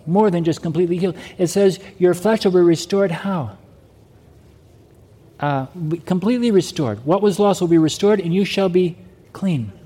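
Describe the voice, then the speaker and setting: High-voiced preacher in a reverberant hall. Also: male voice, dark tone. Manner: preaching with rhetorical questions to the congregation. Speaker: pastor. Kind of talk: sermon. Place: church sanctuary.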